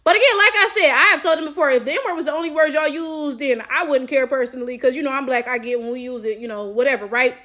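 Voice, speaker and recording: A woman's voice: sits high, quick pace, few pauses, pushed and bright. A woman vlogger and chess coach telling a story to her viewers in a casual, emphatic way, swearing freely and often checking in with "right?".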